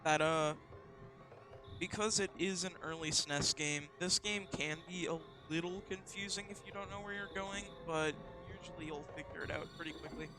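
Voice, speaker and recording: A man's voice: a little high, fairly even intonation, moderate pace. A man playing an old video game, reading the on-screen dialogue aloud in playful voices and joking about it. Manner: jumps between silly character voices and joking asides. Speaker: let's play gamer voicing the characters. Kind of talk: playful game dialogue read-along with commentary. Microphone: home mic with voice changer off. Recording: game music playing underneath.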